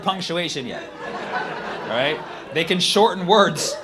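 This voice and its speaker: A man doing a stand-up comedy routine, mocking text messages, switching between a flat deadpan read and loud, excited punchlines. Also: a little high, measured pace, background noise. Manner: animated, mocking, reads texts aloud in flat deadpan, shouts punchlines.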